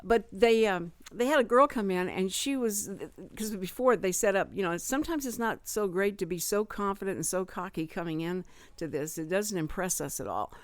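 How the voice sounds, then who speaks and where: A woman's voice: mid-range voice, lively intonation, moderate pace, no echo. A woman hosting a radio talk show, telling a story in a rambling way full of fillers and restarts. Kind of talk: casual radio chat. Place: radio studio.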